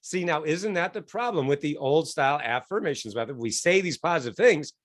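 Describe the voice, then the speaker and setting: A middle-aged man speaks as an interview guest in a slightly higher register. He tells stories with lively energy, acting out quoted voices and laughing often. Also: a little fast.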